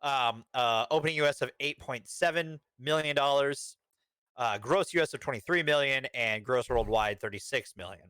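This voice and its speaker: Bright-voiced man casually reviewing movies. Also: medium pitch, moderate pace, clear, resonant tone, no room sound. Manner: casual, swears freely, dry jokes. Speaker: podcast co-host.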